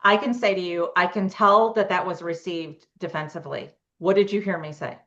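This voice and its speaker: A woman's voice: fairly low pitch, a little fast, pushed and bright, muffled recording. A middle-aged woman, a couples therapist, giving advice in a podcast interview and acting out sample dialogues. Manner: explains with acted example dialogues.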